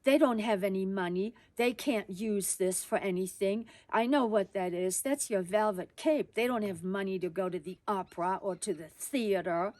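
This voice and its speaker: A sharp-tongued, resentful aunt who scolds loudly, as a woman retelling a memory puts her on. She sounds raised and accusing. The sound is dry and close. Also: medium pitch, moderate pace, few pauses, dry recording, natural voice. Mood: indignant. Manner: scornful, accusing.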